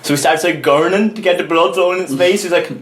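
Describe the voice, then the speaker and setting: A young man with an Irish accent, co-hosting a casual podcast and telling animated stories, laughing as he goes. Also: high-pitched, fast. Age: young adult. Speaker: podcast co-host. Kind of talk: casual storytelling chat.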